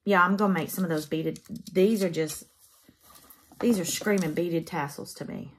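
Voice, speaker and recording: A woman's voice: fairly low pitch, normal speed, husky. A woman, chatting casually to camera as a craft vlogger in her home craft room, folksy and emotional.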